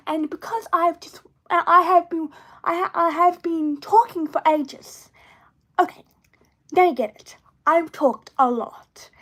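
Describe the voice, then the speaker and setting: A woman's voice: extremely high pitch, fairly bright tone. A woman chatting on a live stream from a room at home, rambling, full of restarts and playful tangents. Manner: playful, drifts between topics. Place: indoor room at home with plush toys. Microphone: phone.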